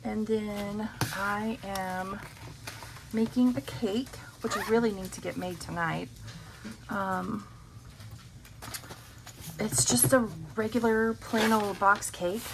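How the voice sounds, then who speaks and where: Casting note: unhurried woman budget vlogger, easygoing talk, faint hiss behind her. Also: medium pitch, steady tone. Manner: slow, rambling, many ums. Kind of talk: casual chat while counting cash. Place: home.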